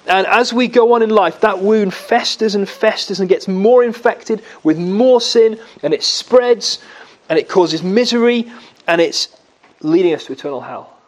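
High-voiced preacher with dramatic swings. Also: male voice, measured pace. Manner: earnest, with dramatic swings in pitch and volume. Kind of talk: sermon.

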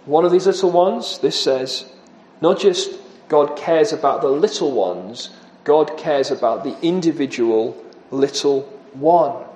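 A man's voice: a little high, unhurried, a little mellow, roomy sound, rough recording. A man preaching an earnest expository sermon, often dropping his voice for emphasis.

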